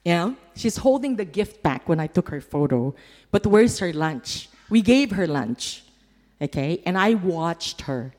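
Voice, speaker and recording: Woman sharing a mission story at church, kinda low voice, gets emotional, long hall echo. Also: very animated, unhurried, a little mellow. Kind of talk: church testimony with slides.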